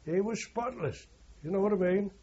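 An older man, a war veteran, shares rambling, anecdotal memories in an oral history interview, peppering his talk with "you know" and "like." His voice is high-pitched, warm, and husky, at a normal speed, and the recording sounds muffled.

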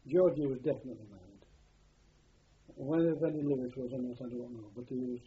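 Recalling the war in an oral history interview, a former prisoner of war, now an older man, talks in a rambling way and keeps repeating words. He speaks a little fast in a mid-range voice with a breathy edge, captured on dull, lo-fi archive tape with faint hiss.

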